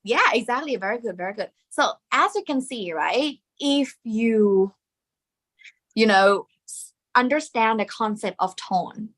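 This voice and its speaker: Slow, bright-voiced Thai-accented woman teacher. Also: fairly high pitch, animated. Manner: slow, patient, demonstrating tones aloud. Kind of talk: classroom lesson.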